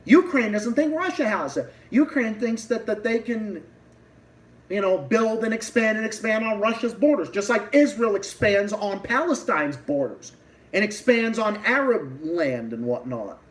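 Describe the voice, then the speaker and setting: A man's voice: sits high, animated, a little slow, recorded from a distance, rough recording. A man with a Boston accent hosting a livestream, delivering a heated, profane political rant full of restarts. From Massachusetts. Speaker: livestream host.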